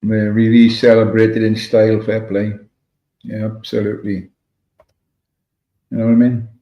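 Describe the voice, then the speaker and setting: A man's voice: fairly low pitch, completely flat delivery, moderate pace. Welsh man rambling on a livestream. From Wales. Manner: rambling, greets viewers by name. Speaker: livestream host reading chat. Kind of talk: casual chat. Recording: echoey room, dull lo-fi sound.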